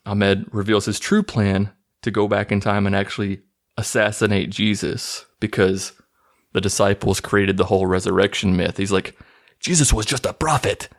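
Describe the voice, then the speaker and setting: A man casually recapping a movie plot in a mocking, incredulous tone. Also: low-pitched.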